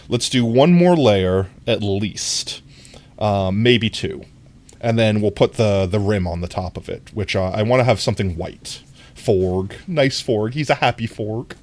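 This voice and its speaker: Unhurried and a little mellow, this streamer keeps the gameplay chat casual and playful. There's lots of giggling and frequent leaps into a squeaky high register, all through a desk mic.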